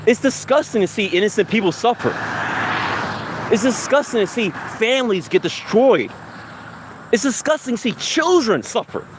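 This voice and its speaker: A heated, profane man ranting into his phone as he walks a city street. His voice sits high and he hammers points with repetition. A faint hum of traffic sits under him. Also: sing-song, normal speed. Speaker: livestream host. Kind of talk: angry street rant. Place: outdoors, walking down a city street.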